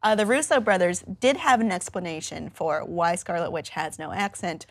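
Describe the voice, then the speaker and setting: A woman co-hosting a casual pop-culture discussion, animated and opinionated, laughing often. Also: fairly low pitch, moderate pace, hardly any pauses, no room sound. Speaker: co-host.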